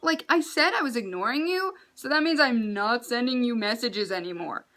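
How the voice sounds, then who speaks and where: A woman's voice: on the high side, animated, moderate pace, a bit bright, poor audio. A young woman, a university student, telling a storytime vlog in an exasperated, ranting way with sarcastic asides. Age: young adult.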